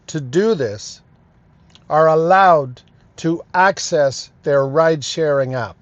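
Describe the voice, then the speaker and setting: Male car vlogger, high voice, slow deliberate delivery, emphatic and indignant. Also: no echo, lo-fi sound. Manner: emphatic, indignant ranting with repeated phrases. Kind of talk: talking to camera. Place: in his car.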